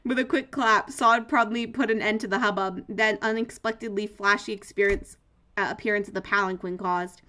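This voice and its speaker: A young woman streaming a game, chatting casually, reading the story text aloud and breaking into playful, excited outbursts. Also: mid-range voice, normal speed. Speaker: gaming streamer.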